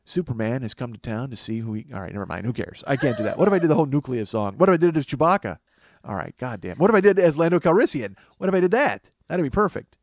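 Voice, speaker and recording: A man hosts a solo comedy podcast, rambling and self-mocking as he loses his train of thought. His voice sits at an ordinary middle pitch and sounds tired from too little sleep. The recording is close and dry, with no room sound. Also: animated, quick pace, no echo.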